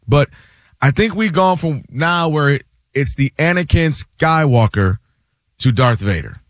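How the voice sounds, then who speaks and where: A man hosting a casual sports talk show, animated and quick to act out what others say. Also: a little high, no echo. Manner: animated, acts out quotes in other voices, repeats words.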